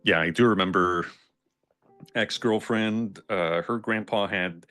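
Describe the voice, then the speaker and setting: A man's voice: on the low side, slow, fairly bright tone. A man co-hosting a live stream, chatting in an easygoing way and greeting viewers. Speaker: co-host. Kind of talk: casual live-stream chat.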